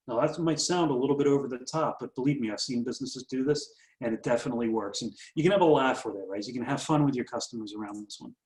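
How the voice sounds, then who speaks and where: A man's voice: medium pitch, quick pace, few pauses, a little mellow. Upbeat male coach in a roomy space. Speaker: business coach. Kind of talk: presenting marketing tips. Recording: roomy echo.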